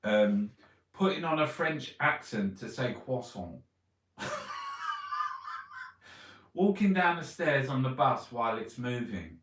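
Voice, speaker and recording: Man, sweary ranting newspaper review, echoey room, a little far from the mic. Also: medium pitch. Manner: sweary, ranting, mocking asides. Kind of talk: casual newspaper review, reading headlines aloud. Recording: roomy echo, voice set back from the mic.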